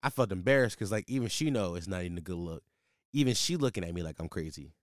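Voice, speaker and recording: A man in his twenties telling a casual, profane story in slang, with his voice jumping high when he gets exasperated. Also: animated, fast, no echo, clean studio sound.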